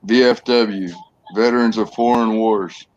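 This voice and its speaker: A man's voice: on the low side, fairly even intonation, measured pace, a little mellow, lo-fi sound, a little hiss or hum. A man, chatting easily in a folksy way on a video call. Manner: folksy, easygoing. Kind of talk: casual chat on a video call.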